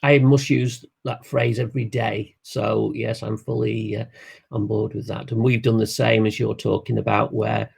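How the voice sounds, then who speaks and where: A man talks through an interview answer, drifting into anecdotes with plenty of ums and restarts. His voice is heavily gravelly with a husky edge. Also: lowish voice, level tone, normal speed. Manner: anecdotal, explanatory, loose with fillers. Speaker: interview guest. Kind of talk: conversational interview.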